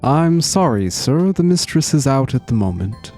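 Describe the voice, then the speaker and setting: A man voicing an elderly male butler, formal and deferential, speaking in a drawn-out, stiff way while reading a visual novel aloud. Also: mid-range voice, big pitch swings, a little mellow, faint music behind, pitched above the performer's own voice, natural voice.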